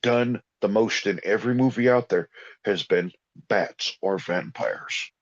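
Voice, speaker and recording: A man's voice: fairly low pitch, unhurried. A man talking in a rambling, folksy, informal way in a casual conversation about healing and balance. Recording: dull lo-fi sound.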